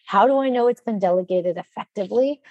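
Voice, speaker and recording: A woman in her forties speaking as a nonprofit leader in casual podcast talk, animated and chatty with lots of fillers. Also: mid-range voice, quick pace, dry recording, highs cut off. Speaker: nonprofit leader announcing trainings.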